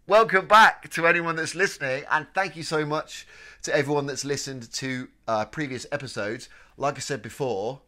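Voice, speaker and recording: A British man co-hosting a comedy podcast, chatting in an animated, jokey way with swearing and laughter. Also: on the high side, normal speed. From United Kingdom. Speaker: podcast co-host. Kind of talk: casual comedy podcast chat.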